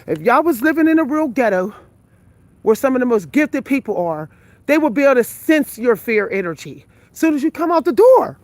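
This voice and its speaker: This vlogger's voice sits high and darkish, swinging widely in pitch at a fairly quick pace, with no echo. Tired and winded, the woman in her forties films herself on a phone during a nighttime street walk, talking bluntly and swearing to her viewers live.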